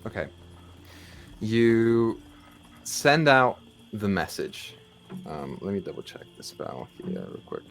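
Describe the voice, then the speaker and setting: A man narrating as dungeon master, measured and pausing with ums as he describes events. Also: fairly low pitch, very animated, vocal fry, a bit bright, slight background noise. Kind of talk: narrating a tabletop game.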